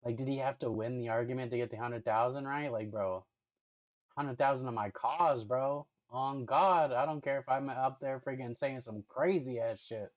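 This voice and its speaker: A man's voice: mid-range voice, normal speed, no room sound, highs cut off. Dude reacting to vids, says like and dude a lot, chats to his dog, dry room. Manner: loose slangy talk with constant 'like' and 'dude'; chatty, talks playfully to his dog. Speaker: streamer. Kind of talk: casual reaction stream chat.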